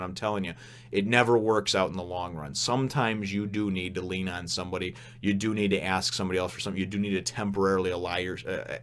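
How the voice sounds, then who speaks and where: A man's voice: sits low, fairly bright tone. A man giving a casual review of a manga chapter, rambling and candid, with frequent restarts.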